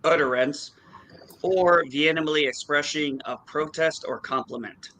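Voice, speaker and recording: Bright-voiced insistent man. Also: on the high side, unhurried, low-quality recording. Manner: insistent, repeats points. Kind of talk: casual debate.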